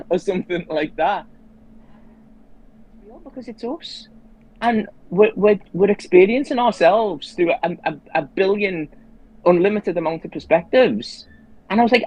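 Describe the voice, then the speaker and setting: A man's voice: high-pitched, fast, a little mellow, rough recording. A man as a guest in a casual conversation, telling a personal story earnestly and quoting his own inner thoughts aloud.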